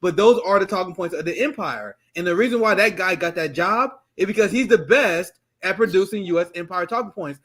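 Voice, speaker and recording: A man's voice: high voice, brisk, few pauses, a bit bright. A man co-hosting a political commentary show, blunt and profane as he riffs on the news. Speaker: co-host.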